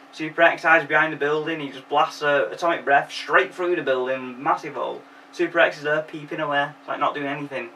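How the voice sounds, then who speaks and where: A man's voice: medium pitch, pushed and bright, recorded from a distance, a little hiss or hum, rough recording. Sweary man recapping a film. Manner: sarcastic, sweary, jokey. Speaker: film reviewer host.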